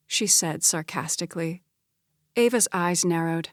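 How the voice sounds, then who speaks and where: A woman narrating a romance audiobook in a steady, scripted storytelling voice. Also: lowish voice, unhurried, no echo, studio quality.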